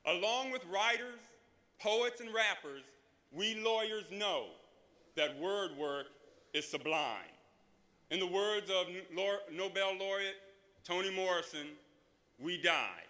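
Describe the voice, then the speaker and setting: A man, a law professor, delivering a formal prepared introduction in an auditorium with slow, measured phrasing. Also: high-pitched, bright, forceful tone. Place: large auditorium. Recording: long reverb of a large hall.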